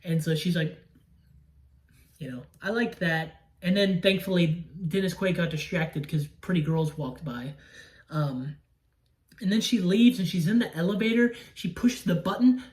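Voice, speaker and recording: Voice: medium pitch, unhurried. A young adult recapping a horror movie in a casual, rambling way, swearing often and breaking into grossed-out outbursts. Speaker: movie reviewer.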